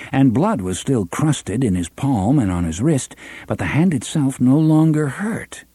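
A man narrating an audiobook with an expressive, varied delivery, close to the mic. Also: mid-range voice, slightly rough, no echo. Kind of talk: scripted narration.

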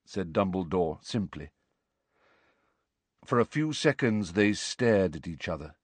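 A man reading a novel aloud in expressive audiobook narration with a dramatic, varied delivery. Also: low-pitched, a little slow, slightly rough, no room sound.

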